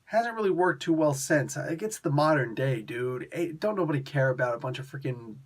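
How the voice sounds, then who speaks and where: A young man hosting a casual review, talking in an animated, sarcastic and exasperated way with slangy asides. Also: on the high side, a little fast. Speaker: comic book reviewer.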